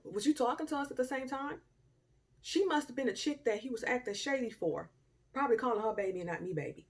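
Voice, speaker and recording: A young woman telling a personal story to camera in a casual, animated way, with loud outbursts, quiet murmurs and slangy asides. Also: sits high, a little fast. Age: young adult. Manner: informal Southern-style slang and asides. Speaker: storytime vlogger.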